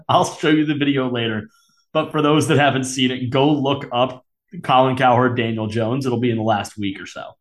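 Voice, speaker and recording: A man co-hosting a casual sports podcast, rambling and teasing his partner with deadpan insults and frequent laughs. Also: mid-range voice. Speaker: podcast co-host. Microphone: camera-facing podcast mic.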